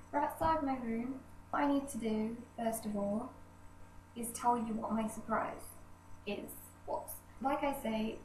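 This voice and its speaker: A young woman with a cold, chatting in a rambling, self-deprecating way as a vlogger in a hallway. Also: on the high side. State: nasal from a cold. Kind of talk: casual vlog chat. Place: indoor hallway outside a bedroom. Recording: echoey hallway, distant camera, faint hiss.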